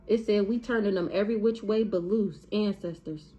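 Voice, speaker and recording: A woman's voice: mid-range voice, moderate pace, mellow, muffled recording. A woman with giving a blunt, profane, heated tarot reading to camera in a casual monologue. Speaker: tarot reader.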